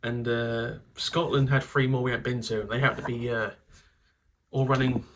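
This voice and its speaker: A man's voice: mid-range voice, fairly even intonation, normal speed, a little hiss or hum. A man hosting his channel, telling rambling stories, swearing and laughing at himself. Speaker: channel host. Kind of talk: casual anecdotal vlog.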